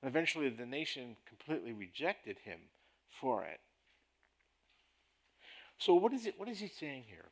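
A man preaching a sermon as a pastor, deliberate and emphatic in his delivery. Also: mid-range voice, sing-song.

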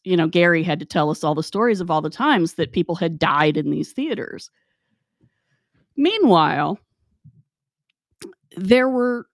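A woman telling a work story in a chatty, wry, animated way. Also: fairly low pitch, gravelly, no echo, clean studio sound. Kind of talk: casual storytelling.

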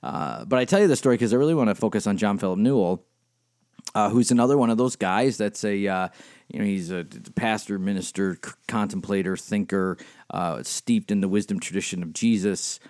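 A man's voice: fairly low pitch, a little fast, darkish tone, dry recording, studio quality. A middle-aged man, a spiritual director and life coach, talking casually on his own podcast, rambling with lots of fillers and easy laughs. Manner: rambling, chatty, many fillers, laughs easily. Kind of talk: casual solo podcast talk. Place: home studio at a computer, typing heard.

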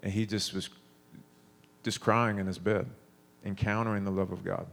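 A man's voice: sits low, little pitch movement, normal speed, vocal fry, a bit bright. A man in his thirties preaching a sermon, telling stories in a conversational way with frequent restarts.

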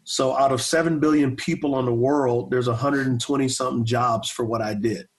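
A man's voice: medium pitch, fairly even intonation, brisk. A man in his forties, a pastor and former football player, telling stories in a casual interview with energy, repeating words and stuttering a little. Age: 40s.

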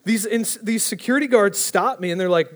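A young man preaching a casual storytelling sermon, animated and rambling, often breaking off mid-sentence. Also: high-pitched, brisk. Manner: animated, rambling, self-interrupting.

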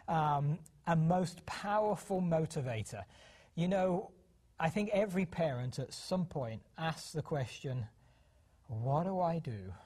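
A man's voice: on the high side, a little mellow. A middle-aged British man co-hosting a parenting program, talking casually with many restarts and acting out quoted voices. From United Kingdom. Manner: chatty, hesitant restarts, acts out quoted voices. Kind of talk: casual television talk.

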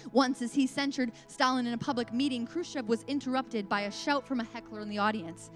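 A woman's voice: a little high, fairly even intonation, brisk, a bit bright, soft background music. A woman giving a devotional sermon talk, earnest and emphatic, mixing preaching with casual asides.

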